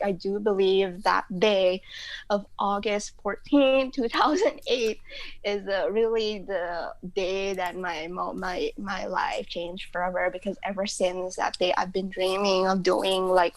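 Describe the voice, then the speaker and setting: A woman, telling her story as an interview guest. She retells it with lively swings in pitch and a dramatic, animated manner, often leaning on fillers like "you know." The sound is dry and close, with no room around it. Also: gravelly, no echo, rough recording. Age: 30s. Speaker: guest photographer.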